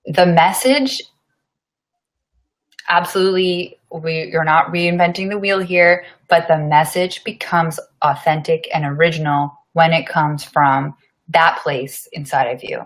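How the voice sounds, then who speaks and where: A woman's voice: deep voice, measured pace. A woman co-hosting a casual podcast chat, talking earnestly, affirming her co-host and swearing casually.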